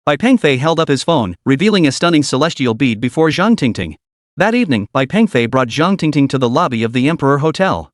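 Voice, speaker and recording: A man giving scripted narration of a comic story with an animated storytelling manner. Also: fairly high pitch, brisk, dry recording, clean studio sound.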